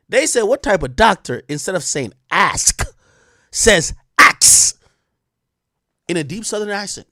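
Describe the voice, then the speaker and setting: A young man hosts a sarcastic commentary rant. His voice sits high and bright and leaps all over the place, from loud mocking outbursts to low asides. The sound is dry and close, with no room echo. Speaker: commentary show host.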